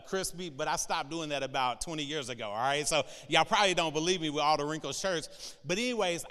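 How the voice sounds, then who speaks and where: High, bright-voiced joking preacher man. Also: smooth, big-room sound. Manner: animated, joking, tags lines with "all right?". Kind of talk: humorous sermon storytelling.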